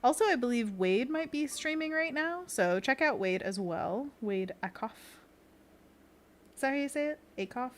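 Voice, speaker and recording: A young woman hosts an art stream, painting while she chats casually with viewers in a high, animated voice. She's giggly and quick to launch into playful bits.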